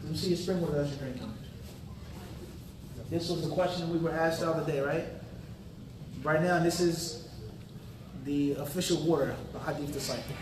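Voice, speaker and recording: Amid background noise, a male Islamic teacher speaks at normal speed in a voice on the high side, leaving long pauses. His interactive mosque-hall lecture is full of fill-in-the-blank questions to the audience and casual street-talk remarks, recorded from afar in a roomy space.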